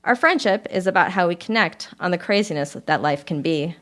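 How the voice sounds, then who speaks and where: A woman author reading her personal essay aloud at a live reading, in a measured and expressive voice. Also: lowish voice. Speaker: author reading own work.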